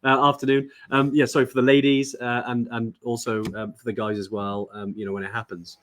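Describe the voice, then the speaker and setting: A man hosts a casual live chat at a middle pitch. He talks loosely with plenty of ums and restarts, and he greets viewers by reading their comments aloud. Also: level tone, fairly quick, a little hiss or hum. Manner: chatty, reads viewer comments aloud, many fillers. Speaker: live show host.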